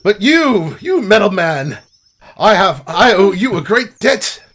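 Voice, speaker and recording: A man's voice: sits high, big pitch swings, moderate pace, bright, forceful tone, slightly rough, voice pushed up, exaggerated voice. A man voicing a roguish hooded human man who talks in a thick put-on accent, hearty and effusive.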